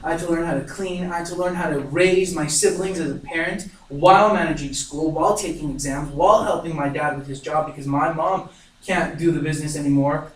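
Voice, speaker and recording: A man's voice: a little high, steady tone, brisk. A young man giving an earnest, emotional narrative speech, telling a personal story. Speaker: student speaker. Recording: echoey room, mic far off, faint noise.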